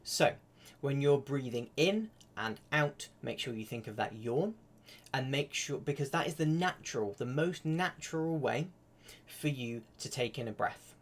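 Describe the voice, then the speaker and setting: A man's voice: medium pitch, lively intonation, measured pace. A man giving a casual live-streamed flute lesson, chatty and full of fillers. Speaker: flute teacher.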